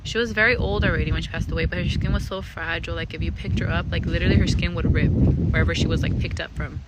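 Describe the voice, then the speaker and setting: A woman's voice: lowish voice, steady tone, fast talker, very noisy. A young woman telling a personal ghost story in a casual, rambling way, swearing often and using lots of fillers. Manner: rambling, profane, full of fillers.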